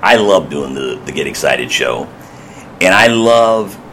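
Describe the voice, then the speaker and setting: Exuberant, bright-voiced male podcast host. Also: rumbling low, measured pace, slight background noise. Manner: exuberant, shouting praise, bursts of excitement. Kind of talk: enthusiastic Christian podcast chat.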